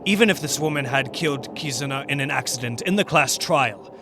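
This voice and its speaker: A man voicing a cold, calculating young male student in a fan dub, speaking in a measured, lecturing way. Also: mid-range voice, expressive, background noise, natural voice.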